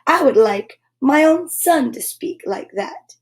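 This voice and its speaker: A woman's voice: high voice, expressive, takes it slowly, heavily acted. A woman reading a storybook, voicing a scheming old witch who cackles over her spell.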